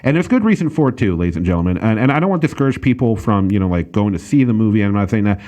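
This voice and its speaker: A man's voice: on the low side, lively intonation, very fast, dark tone. A man hosting a casual podcast, reviewing a movie in a rambling way with lots of fillers and restarts. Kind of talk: casual chat.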